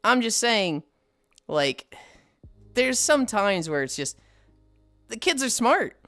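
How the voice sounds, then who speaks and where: A woman's voice: on the high side, big pitch swings, slow pace, a bit bright, no echo, clean studio sound, soft background music. A woman streaming live while on a walk, chatting bluntly with friends and reading chat aloud. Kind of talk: casual livestream chat while walking.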